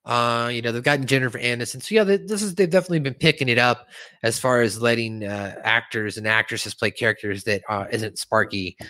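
A man hosting a casual podcast, recapping an episode and reading its lines aloud in a raised, animated voice, with faint music underneath. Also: mid-range voice, fairly quick, no room sound. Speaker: podcast host.

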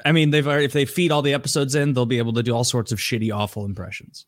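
A man's voice: mid-range voice, little pitch movement, very fast, no echo, studio quality. Giggly man chatting on a podcast. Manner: laughing, hesitant, with many restarts. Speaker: podcast co-host. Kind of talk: casual chat.

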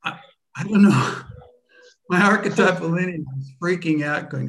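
A man teaching a workshop off the cuff, speaking deliberately and searching for words with frequent restarts. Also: on the high side, fairly bright tone. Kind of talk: unscripted workshop talk.

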